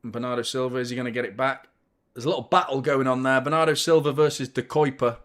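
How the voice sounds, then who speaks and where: A young man talks loosely and casually, dropping the odd swear word as he banters with his viewers. His voice sits at an ordinary, middle pitch, and he breaks into quick commentary on the match. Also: fairly even intonation, a bit bright. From United Kingdom. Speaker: football fan channel host. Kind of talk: live watchalong commentary and chat.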